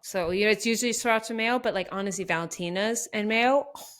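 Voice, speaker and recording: A woman with a Canadian accent, co-hosting a podcast in quick, animated casual chat with frequent laughs. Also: mid-range voice. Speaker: podcast co-host.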